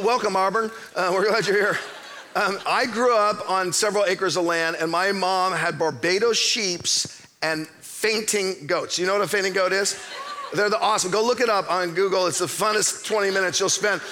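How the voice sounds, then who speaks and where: A middle-aged male pastor preaching a jokey, animated sermon in a church auditorium, moving between hushed asides and near-shouts. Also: high-pitched, normal speed, a little hiss or hum.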